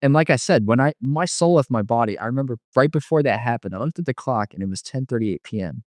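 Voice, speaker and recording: A man's voice: mid-range voice, animated, fast, darkish tone, no room sound. Rambling man with a dry close sound. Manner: rambling, full of "like" and restarts. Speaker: guest telling a near-death story. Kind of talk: casual personal testimony.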